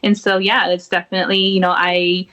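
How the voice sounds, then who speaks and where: A woman's voice: lowish voice, little pitch movement, brisk, fairly bright tone, lo-fi sound. Chatty woman guest full of fillers. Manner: chatty, heavy use of fillers like "you know" and "definitely"; laughs often while talking. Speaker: podcast guest. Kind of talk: casual chat.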